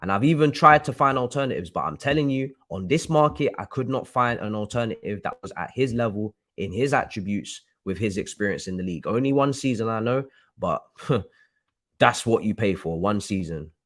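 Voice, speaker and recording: Angry football fan ranting. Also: male voice, lowish voice, expressive, a little fast, a bit bright. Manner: angry, swearing, repeats himself. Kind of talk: heated live-stream rant.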